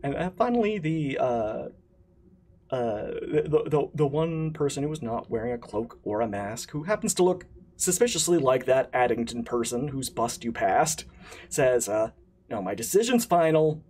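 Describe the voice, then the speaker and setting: A husky man narrates a streamed tabletop game as game master. His voice rises and falls a lot as he talks, and he stops often to hunt for words and start over. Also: medium pitch, animated, darkish tone. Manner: halting, many fillers and restarts. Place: streaming setup.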